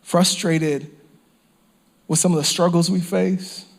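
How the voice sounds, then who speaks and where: A man's voice: on the high side, fairly even intonation, slow, vocal fry, pauses often. A man preaching a sermon as pastor, impassioned, repeating phrases and sometimes dropping to a whisper. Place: church or campground service.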